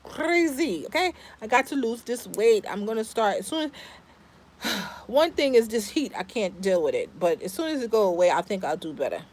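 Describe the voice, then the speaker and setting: A middle-aged woman talks casually to her vlog audience. Her voice sits fairly high, and she hammers her points home by saying them over and over. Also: big pitch swings, normal speed, darkish tone. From the Bronx, New York. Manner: emphatic, repeats herself, speaks straight to viewers. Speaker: family vlogger.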